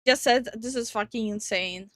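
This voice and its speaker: A woman's voice: fairly high pitch, normal speed, fairly bright tone, no echo, clean studio sound. A young woman chatting casually on a stream, giggly and teasing. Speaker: streamer and co-host.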